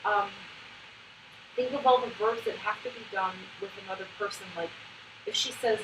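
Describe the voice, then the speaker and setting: A woman's voice: mid-range voice, fairly even intonation. A woman coaching a new volunteer in a chatty way, with lots of "like" fillers. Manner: brisk, chatty, full of "like" fillers. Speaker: trainer of autism program volunteers. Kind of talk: hands-on instructional coaching. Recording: echoey room, distant mic, background noise.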